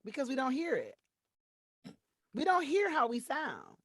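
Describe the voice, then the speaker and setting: A middle-aged woman from Detroit, a voiceover artist, chatting as a guest on an interview show in an animated, playful way. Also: measured pace, husky, dry recording, studio quality. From Detroit, Michigan. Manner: animated, playful, acts out quotes in high voices. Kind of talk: casual interview chat.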